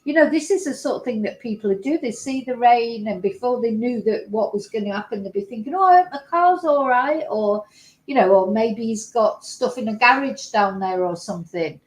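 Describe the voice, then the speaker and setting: Woman, somewhat high voice, casual commentary, translates clips, echoey room. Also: normal speed. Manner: chatty, explains and translates as she goes. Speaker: host reacting to videos.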